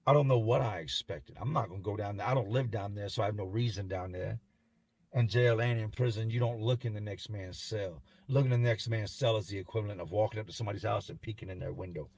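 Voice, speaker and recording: A man tells a first-person story in a somber, haunted way, often pausing and breaking off. His voice is husky and sits on the low side. The sound is dry and close to the mic. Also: darkish tone, dry recording.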